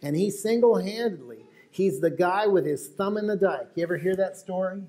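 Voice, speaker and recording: Here a wildlife photographer from America gives a lecture to a live audience, chatting through stories and throwing in asides to the listeners. His high, warm voice has lively intonation and moves at a normal speed.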